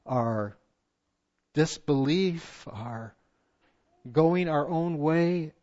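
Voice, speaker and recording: A man preaching a sermon as pastor, full of passion and rhetorical questions, his voice swinging from loud to hushed. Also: fairly high pitch, drawn-out words, dull audio.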